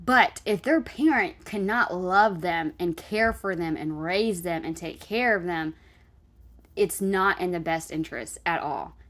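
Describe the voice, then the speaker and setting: A woman's voice: fairly low pitch, measured pace, a bit bright. Blunt, mocking woman vlogger. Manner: blunt, mocking, repeats short jabs. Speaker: commentary vlogger reading live chat. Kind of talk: casual reaction commentary.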